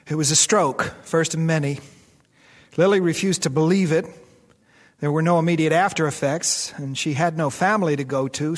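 A man's voice: on the high side, big-room sound, lightly acted. An actor playing a weary, guilt-ridden middle-aged man who narrates his own story in a radio drama. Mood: sombre. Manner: dry, reflective narration. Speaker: narrator and character.

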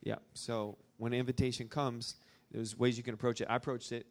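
His mid-range voice has a darkish tone and a flat, brisk delivery. A young man from Arkansas, USA, he speaks casually to a live audience at a church gathering, rambling through a story with many fillers.

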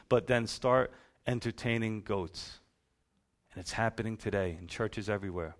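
A man preaching a sermon, retelling scripture in a folksy, storytelling way that swings between loud and soft. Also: on the high side. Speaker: pastor.

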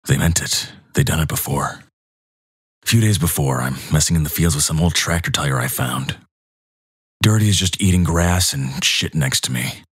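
A man reading crude internet stories aloud in a flat, plain way. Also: a bass voice, normal speed, husky, no echo, studio quality. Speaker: narrator.

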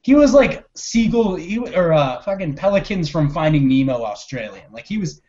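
Animated profane guy, lo-fi sound. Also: fairly high pitch, moderate pace. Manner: animated, profane, quotes scenes in put-on voices. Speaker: podcast co-host. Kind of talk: casual movie review chat.

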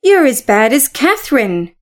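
A woman's voice: high-pitched, very animated, a little slow. A woman reading aloud as a lovesick eighteen-year-old girl, indignant and close to tears. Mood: defiant.

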